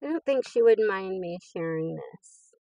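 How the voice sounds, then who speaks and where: A woman's voice: mid-range voice, lively intonation, a little slow, no room sound, low-quality recording. Chatty gushing woman, dry sound. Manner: chatty and gushing, with soft laughs. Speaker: craft channel host. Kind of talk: casual unboxing chat.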